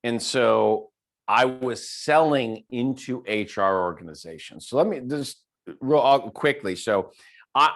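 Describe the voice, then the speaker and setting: A male keynote speaker being interviewed over a video call. He talks in an animated, storytelling way, repeating words and restarting sentences as he goes. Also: fairly low pitch. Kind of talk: casual conversational interview.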